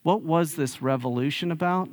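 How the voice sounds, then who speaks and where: A male pastor preaching a sermon in a conversational, animated storytelling way, acting out sarcastic asides. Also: on the high side, normal speed.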